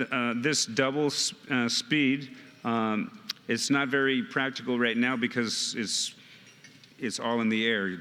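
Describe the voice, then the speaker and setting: A man teaching a hands-on music workshop, speaking slowly and haltingly, often repeating words and counting beats aloud. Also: on the low side, a bit bright. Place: temple hall. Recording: temple hall reverb, faint noise.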